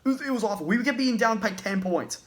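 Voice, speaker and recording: A man's voice: high voice, animated, quick pace, a bit bright. A man ranting as a basketball fan in a vlog, agitated, profane and repeating himself. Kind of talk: sports rant vlog.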